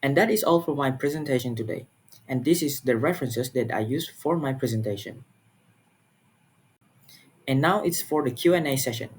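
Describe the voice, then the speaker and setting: With slight background noise in the recording, a young Malaysian student delivers a class presentation in a medium-pitched voice. His manner is sincere and faltering, full of repetitions and pause fillers.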